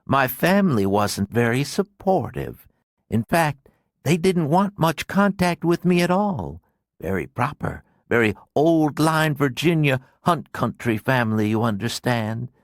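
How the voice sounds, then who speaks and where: Male voice actor for a vengeful dead man: gravelly, menacing, slow, very dry audiobook read. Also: very animated, no room sound. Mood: bitter. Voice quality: deep gravelly voice. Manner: menacing, speaks through clenched teeth. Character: vengeful dead man, cold, merciless, spiteful. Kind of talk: audiobook character voice.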